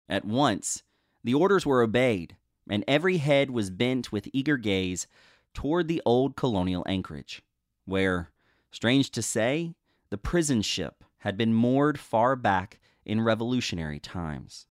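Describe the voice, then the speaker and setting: A man reads an old ghost story aloud as host, measured and expressive. His pitch sits in the middle range. The recording is dry and close. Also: dry recording. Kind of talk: dramatic reading of a ghost story.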